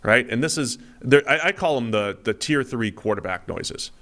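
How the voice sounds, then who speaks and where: On a casual sports podcast, a male co-host rambles and mimics hesitant sounds to make his point. His mid-range voice is animated and fairly bright, moving at a normal speed.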